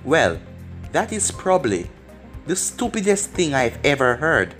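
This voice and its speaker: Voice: medium pitch, sing-song, a little slow, a bit bright, soft background music. A storyteller voicing a cocky but caring teenage boy ninja while reading fan fiction aloud, in a plain reading voice. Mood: teasing.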